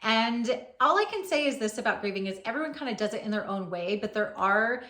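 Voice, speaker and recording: A woman's voice: on the high side, animated, a little fast, pushed and bright. A woman in her forties from Hawaii, a yoga teacher answering viewer questions in a casual, joking vlog. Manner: blunt, joking, sometimes swears. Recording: echoey room.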